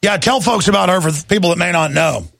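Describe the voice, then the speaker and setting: A man hosting a talk radio show, ranting with impassioned heat in a rough voice into a studio microphone. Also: sits high, quick pace, fairly bright tone, no echo. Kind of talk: heated talk radio monologue.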